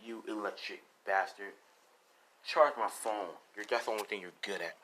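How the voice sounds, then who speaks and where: A hot-headed grown hero father, gruff and curt, put on by a man retelling a story. He sits a little lower and softer than the storyteller's own voice, biting off each insult. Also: moderate pace, low-quality recording.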